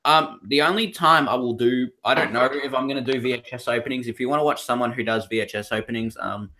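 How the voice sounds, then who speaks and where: A man's voice: medium pitch, fast talker, pushed and bright. A young Australian man co-hosting a casual podcast chat, rambling with many fillers and restarts. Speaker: podcast co-host.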